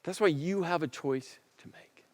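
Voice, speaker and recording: A male pastor preaching a sermon in an animated way, acting out dialogue and repeating lines for emphasis. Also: a little high, moderate pace, in a large hall.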